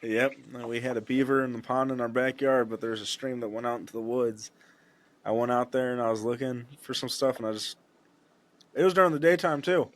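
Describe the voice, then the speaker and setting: A man's voice: mid-range voice, fairly even intonation, fairly quick. A man hosting a podcast, chatting casually and telling a short funny story of his own. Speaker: podcast host. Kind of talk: casual chat.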